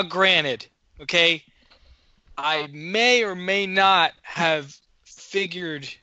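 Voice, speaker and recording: A man's voice: a little high, bright, forceful tone, no echo. A man co-hosting a podcast, telling a story in a casual, profane, worked-up way. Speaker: podcast co-host.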